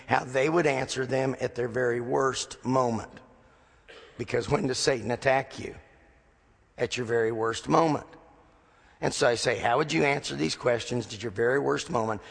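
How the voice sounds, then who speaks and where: A man's voice: mid-range voice, normal speed, gravelly, slightly rough, long reverb tail. A man preaching a sermon as a pastor, telling stories with dry humor and acting out the dialogue.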